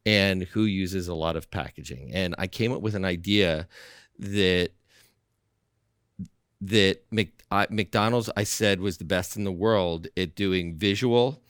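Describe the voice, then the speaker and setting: A man as a podcast guest, telling a story in an animated, persuasive way and acting out the dialogue. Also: low voice, measured pace, smooth, dry recording, clean studio sound. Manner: animated, acts out dialogue from his own story. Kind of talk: storytelling in conversation.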